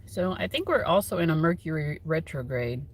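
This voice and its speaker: A woman hosts a tarot livestream on her phone from home, speaking briskly in a low voice with big swings in pitch. Casual and rambling, she uses lots of fillers and laughs frequently.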